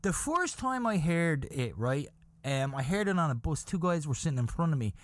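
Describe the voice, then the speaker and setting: An Irish man in his fifties hosting a podcast, telling a story in a rambling, animated way that keeps checking in with the listener. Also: on the high side, normal speed, no room sound. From Ireland. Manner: rambling, animated, peppered with "okay?" and "you know?". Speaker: podcast host. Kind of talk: casual anecdotal storytelling.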